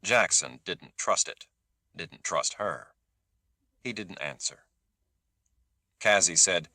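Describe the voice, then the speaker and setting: Expressive male audiobook narrator. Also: low voice, slow, long pauses, dry recording, clean studio sound.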